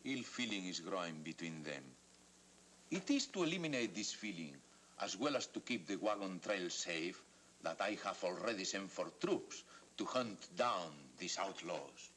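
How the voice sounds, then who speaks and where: An actor playing a dignified, courteous Spanish-speaking town leader in a 1940s Western film, speaking formally. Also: male voice, deep voice, lively intonation, normal speed, fairly bright tone, a little hiss or hum.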